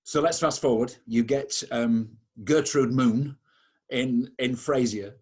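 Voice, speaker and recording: Husky male interviewer, admiring. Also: medium pitch, steady tone, slow pace, a little mellow. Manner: enthusiastic, admiring fan. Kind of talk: interview questions.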